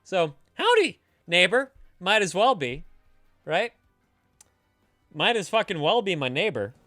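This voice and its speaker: Man, casual stream chat, profane and teasing, somewhat high voice, faint music behind. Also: very animated, unhurried, dry recording, studio quality. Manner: profane, loud and teasing, drinking beer. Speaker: streamer giving advice to chat. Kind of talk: casual live-stream chat, reading chat aloud. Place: home streaming setup, San Francisco.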